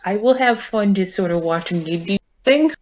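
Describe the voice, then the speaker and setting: A woman narrating a tabletop role-play scene in a halting way, with many pauses and fillers. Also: medium pitch, darkish tone. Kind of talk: slow, hesitant collaborative narration.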